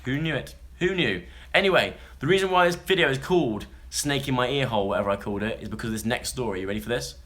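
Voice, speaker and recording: Young male vlogger, bright and forward tone, chatty and jokey, prone to tangents. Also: mid-range voice, expressive, fast. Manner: chatty, jokey, rambling asides. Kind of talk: casual chat, reading news stories to a live audience.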